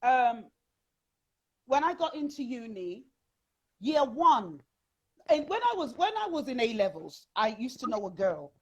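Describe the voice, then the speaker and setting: A woman with a British accent telling personal stories as a guest in an interview, animated and chatty, with frequent fillers. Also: a little high, unhurried, pauses often, husky, rough recording.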